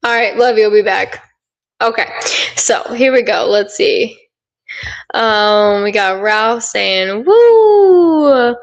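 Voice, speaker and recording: A woman's voice: a little high, lively intonation, takes it slowly. A woman co-hosting a livestream, upbeat and giggly as she reads viewer comments aloud in casual chat. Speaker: livestream co-host reading chat.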